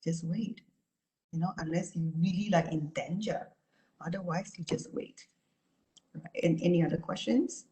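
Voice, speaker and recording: A woman therapist giving an online talk and answering questions, speaking calmly and repetitively with many "you know" and "right?" asides. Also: lowish voice, normal speed, echoey room.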